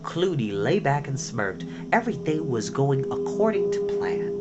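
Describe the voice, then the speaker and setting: A man's voice: mid-range voice, very animated, normal speed, lo-fi sound. A man reading a children's novel aloud with dramatic expression. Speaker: storyteller. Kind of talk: storybook read-aloud. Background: music.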